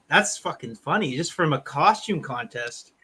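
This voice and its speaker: A man's voice: on the high side, expressive, takes it slowly, bright, forceful tone, husky. A man chatting casually as a podcast guest, with short reactions full of swearing. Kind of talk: casual chat.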